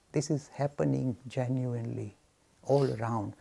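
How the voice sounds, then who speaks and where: Male religion speaker, lively and gravelly, emphatic in a question-and-answer session. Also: a little high, moderate pace, a little hiss or hum. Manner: emphatic, animated, telling anecdotes. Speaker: speaker on Hinduism. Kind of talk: lecture answering audience questions.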